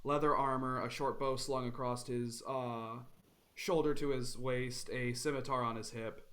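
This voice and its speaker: Casting: male game master, easygoing narration, mid pitch. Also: a little slow. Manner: relaxed with many ums and uhs.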